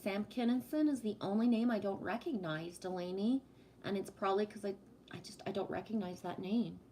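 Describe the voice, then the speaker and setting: Woman streamer, mid-pitched and projected voice, affectionate and chatty with her viewers; faint background hum. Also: brisk, mellow. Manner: affectionate, calls viewers sweetie. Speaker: livestream host reading chat. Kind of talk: casual live-stream chat with viewers.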